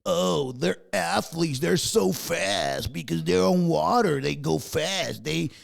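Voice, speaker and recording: A man putting on the voice of a gushing male sports fan in a slow, mocking drawl. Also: a little high, creaky, full character voice.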